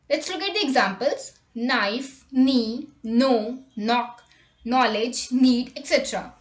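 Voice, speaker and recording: A woman reading a scripted English vocabulary lesson, saying example words and sentences slowly and deliberately. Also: high voice, a bit bright, reverberant. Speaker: English teacher.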